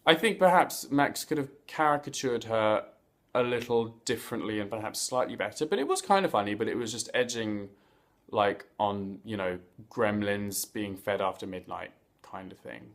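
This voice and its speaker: A man hosts a casual reality TV review vlog, chatting playfully with campy slang and asides and occasionally stumbling over his words. His voice is fairly low and a bit bright, at a moderate pace.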